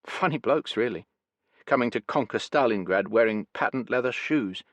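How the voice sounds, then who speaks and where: A man's voice: medium pitch, lively intonation, normal speed, no echo, dull audio, lightly acted. A man reading as a boyish young soldier. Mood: scornful. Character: young Red Army soldier, boyish, scornful.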